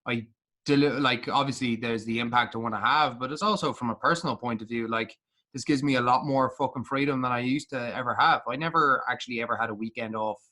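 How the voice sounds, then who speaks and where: A bright, clear-voiced man hosts a podcast. He chats casually and loosely, swearing freely and padding his talk with fillers. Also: mid-range voice, fast. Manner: laid-back and sweary, with many fillers. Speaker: podcast host. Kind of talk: casual chat.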